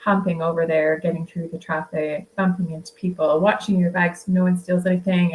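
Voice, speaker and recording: Low pitched woman rambling about her travels, lots of ums, bit of hiss behind. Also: fairly even intonation, brisk, hardly any pauses, low-quality recording. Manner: rambling, lots of fillers and restarts. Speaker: author guest. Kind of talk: casual interview chat.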